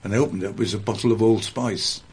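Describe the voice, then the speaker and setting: A man's voice: lowish voice, steady tone, fast talker, a little mellow, slightly rough. An older man, a guest entertainer and impressionist, reminiscing in a conversational interview with a rambling, anecdotal way of talking. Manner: rambling, anecdotal, with frequent restarts.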